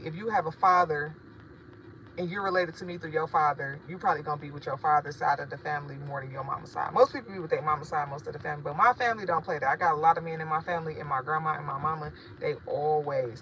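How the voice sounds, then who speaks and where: On a low-quality recording with a little hiss or hum, this spiritual shop owner speaks in a low, steady, sharp voice at a quick pace. She rambles profanely and chattily to her livestream audience, speaking straight to them.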